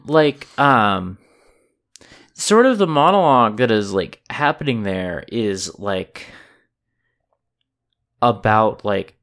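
A podcast co-host in casual chat, talking hesitantly with many fillers and pauses. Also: medium pitch, clean tone.

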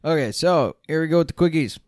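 Jokey male co-host, animated and somewhat high, close dry mic. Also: fast, no room sound. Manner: playful, profane, jokey. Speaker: podcast co-host. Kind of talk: casual chat.

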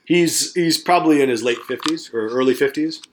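A man's voice: on the high side, fairly quick, a little hiss or hum. Foul-mouthed man telling a rambling story. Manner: profane, rambling, acts out quoted voices. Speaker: podcast co-host. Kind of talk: casual storytelling chat.

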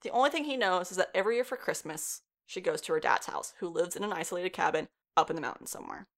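A woman's voice: fairly low pitch, very animated, quick pace. A woman in her twenties retelling a story in a casual, chatty way, swearing freely and laughing often. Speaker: show reviewer. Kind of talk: casual plot recap.

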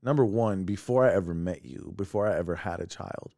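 A man with a fairly low voice, recorded close and dry, chatting casually as a podcast co-host. He tells family stories with lively energy, laughs often, and slips into voices for the people he quotes. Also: fairly quick, vocal fry, dry recording. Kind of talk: casual personal storytelling. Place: at home.

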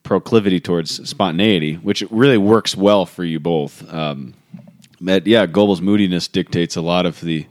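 A man with a fairly low voice, a Catholic priest co-hosting a podcast. He talks in easygoing, joking banter with his co-host. The sound is dry and close on a studio microphone. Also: moderate pace, dry recording. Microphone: studio microphone with pop guard.

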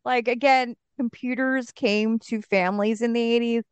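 Woman on a podcast, smooth clear voice, kinda high, dry room. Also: steady tone, normal speed, dry recording. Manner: nostalgic, teasing. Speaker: podcast co-host. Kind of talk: casual chat.

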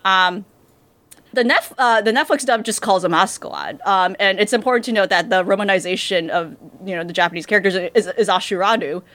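This woman, a native English speaker, co-hosts a podcast and chats casually about anime dubs, rambling with lots of fillers and restarts. Her medium-pitched voice moves a little fast and sounds fairly bright.

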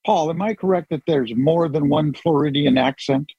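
A man's voice: a little high, normal speed, creaky, mellow, slightly rough, no room sound, dull audio. A man hosting a group call, chatting casually and joking at his own expense. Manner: chatty, joking, self-deprecating. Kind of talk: casual chat.

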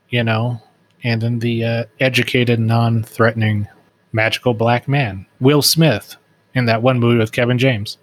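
Wry man with a mid-pitched voice. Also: flat delivery, a little slow. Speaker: podcast co-host. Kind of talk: casual book review chat.

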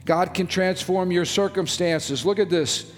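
A man's voice: high voice, a little slow. A man preaching a sermon as pastor, reading scripture and stretching key phrases for emphasis. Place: church sanctuary. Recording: long reverb of a church hall.

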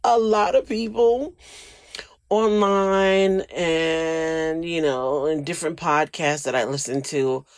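A man's voice: on the high side, slow pace, clear, resonant tone, no echo. Guy doing his podcast solo, rambly and emotional, dry close mic. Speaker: podcast host. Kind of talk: casual solo podcast chat.

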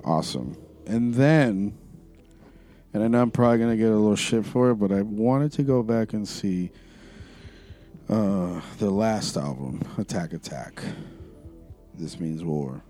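A man's voice: fairly low pitch, lively intonation, measured pace, long pauses, warm tone, soft background music. A man co-hosting a podcast in casual chat, laid-back and wisecracking. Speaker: podcast co-host.

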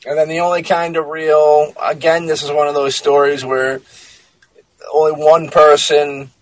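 A man's voice: fairly high pitch, flat delivery, a little slow, no echo, poor audio. A man co-hosting a podcast, reading a spooky story and then joking about it bluntly, with frequent swearing. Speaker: podcast co-host. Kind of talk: casual chat, reading a story aloud.

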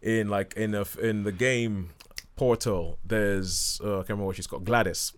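A man's voice: on the low side, steady tone, normal speed. Man, film review chat, rambling, restarts a lot, acts out scenes.

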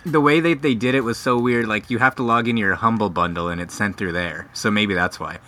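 A man on a gaming podcast, explaining things in a rambling, casual way. His voice is low in pitch but has a bright, forward edge. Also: brisk.

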